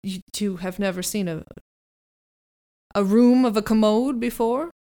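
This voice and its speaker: Woman doing a male insect companion, nonchalant, wry, smooth voice. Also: medium pitch, measured pace, warm tone, close to an everyday voice.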